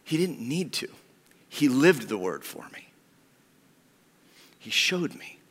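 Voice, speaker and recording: A man preaching a sermon as pastor, heartfelt and personal, often sinking to a hushed whisper. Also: mid-range voice, very animated, slow pace, husky. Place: church sanctuary. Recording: long reverb of a church hall.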